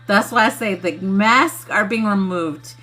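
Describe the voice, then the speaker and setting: A woman's voice: mid-range voice, a little slow, sharp tone. A woman giving a casual spiritual livestream message, chatty and loose, laughing often.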